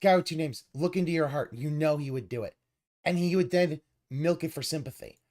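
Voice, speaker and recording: A woman streamer reacts to a video with an exasperated, sarcastic rant full of swearing, sometimes mocking the person on screen in put-on voices. She has a low-pitched, dark voice and talks a little fast.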